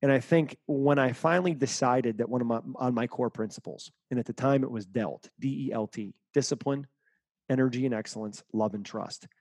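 A man's voice: medium pitch, fairly quick, few pauses, darkish tone, husky, no echo. Middle-aged man, motivational coach guest, punchy, repeats key lines, dry close sound. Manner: emphatic, repeats key phrases. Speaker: guest, mental performance coach. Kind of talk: interview answer, motivational.

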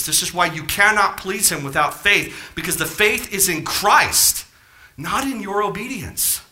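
A male pastor preaching a sermon with passion, firing rhetorical questions at the congregation and swinging from near-shouts to quiet asides. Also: lively intonation, a little slow. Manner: impassioned, rising to near-shouts then dropping low.

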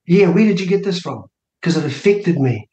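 A New Zealand election candidate in his sixties, guesting on a radio show, tells a family story while animatedly acting out quoted dialogue in a casual interview. His voice sits high, he speaks at normal speed, and the room is echoey.

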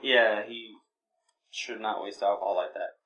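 A man's voice: lowish voice, steady tone, unhurried, sharp tone, highs cut off. A man co-hosting a podcast, laid-back and teasing, reading out news items in casual chat. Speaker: podcast co-host.

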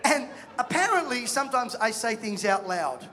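A man's voice: extremely high pitch, normal speed. A man preaching a sermon, telling stories and acting out the voices of people in them. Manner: animated storytelling, acts out voices, jokes with the crowd. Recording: long reverb of a large hall.

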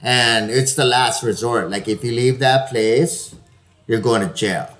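A man's voice: medium pitch, unhurried, a bit bright. A man telling loose stories over a video call, swearing often and laughing through them. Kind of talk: casual storytelling chat.

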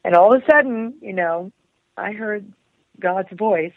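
A woman tells a heartfelt story in an interview and acts out each voice in it with lively feeling. Her voice has a gravelly edge. It comes through a tinny, phone-like line with no room sound. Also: mid-range voice, measured pace, no room sound. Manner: emotive, acts out quoted voices, laughs often. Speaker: actress and singer, podcast guest.

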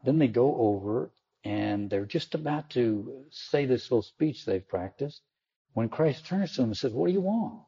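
A man giving a reflective sermon-style talk on the Gospel, acting out quoted lines with sudden high jumps in pitch. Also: measured pace, dark tone, husky. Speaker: Catholic teacher or preacher. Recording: dull lo-fi recording.

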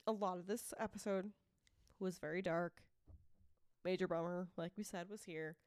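A woman's voice: fairly low pitch, steady tone, moderate pace, darkish tone, clear, resonant tone, no room sound. Boston-accented woman, dry close sound. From Massachusetts. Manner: chatty, laughs often, earnest when serious. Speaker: podcast co-host. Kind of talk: casual chat.

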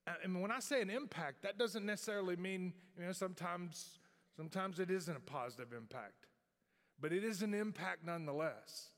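The recording captures a middle-aged pastor's high, fairly bright voice echoing with long hall reverb in a church sanctuary. His sermon is folksy and rambling, broken up by frequent restarts.

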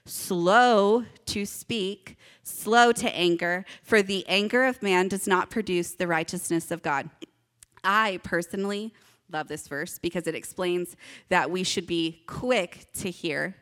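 A woman's voice: medium pitch, fairly bright tone. An upbeat woman gives a children's sermon and leads the kids in call and response. She has an ordinary mid-range voice and checks in with the group often. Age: adult parent. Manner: upbeat, asks kids to repeat along. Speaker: children's church teacher.

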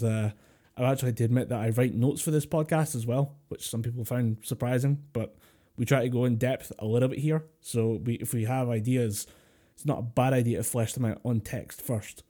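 A man's voice: medium pitch, steady tone, fairly quick, mellow. A Scottish man co-hosting a podcast over a remote call, chatting casually, swearing freely and laughing often. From Scotland. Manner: sweary, laughing, goes into mock voices. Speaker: podcast co-host. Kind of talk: casual chat. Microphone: remote call mic.

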